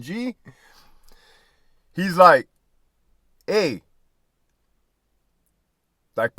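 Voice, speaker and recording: Animated, profane man telling stories. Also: a little high, no room sound, studio quality. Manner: profane, laughs often mid-sentence; animated, asks "right?" constantly. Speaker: former prison guard telling stories. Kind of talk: casual storytelling.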